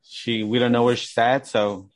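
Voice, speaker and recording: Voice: mid-range voice, flat delivery, normal speed. A podcast host in casual chat who laughs often and switches between English and Spanish.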